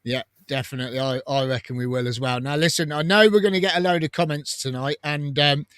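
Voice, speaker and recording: A man with a fairly high voice hosts a casual live fan stream. He reads viewer comments aloud in a chatty way and laughs often. The sound is close and dry, with no room around it. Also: quick pace, a bit bright, clear, resonant tone, no echo. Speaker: fan channel host.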